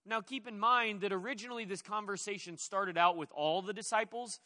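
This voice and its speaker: Bright, animated male preacher. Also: sits high, brisk, hardly any pauses. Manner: animated, conversational, with playful asides. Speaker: pastor. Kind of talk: sermon.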